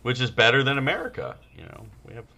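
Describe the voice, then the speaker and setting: A man co-hosting a podcast, talking in crude casual banter that trails off and mumbles, now and then jumping into high mocking voices. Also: animated, fast talker, a crowd in the background. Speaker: podcast co-host. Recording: dull lo-fi sound.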